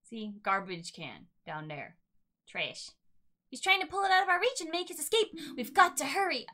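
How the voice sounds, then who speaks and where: A woman streamer giving casual let's-play commentary, chatty and talking to herself and the game, swinging between nervous and excited. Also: sits high, normal speed.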